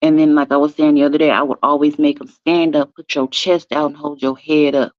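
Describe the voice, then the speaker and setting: A woman's voice: deep voice, little pitch movement, dry recording. A woman, hosting a casual morning chat and talking emphatically to her listeners. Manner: chatty, emphatic, drawn-out stresses, calls listeners "y'all" and "baby". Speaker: host. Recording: dry, slightly dull sound.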